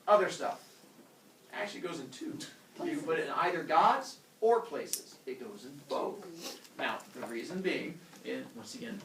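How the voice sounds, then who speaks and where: A man's voice: medium pitch, a little hiss or hum. A man teaching a classroom lesson, joking and acting out voices as he explains. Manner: animated, jokey, acts out voices. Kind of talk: classroom lecture. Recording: roomy classroom audio from far off.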